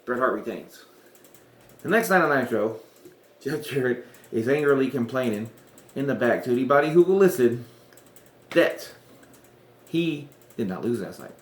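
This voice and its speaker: A man's voice: mid-range voice, animated, moderate pace, long pauses. Rambling man in a roomy echo. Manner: rambling, self-correcting, chuckling asides. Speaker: wrestling podcaster. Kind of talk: casual fantasy-booking chat.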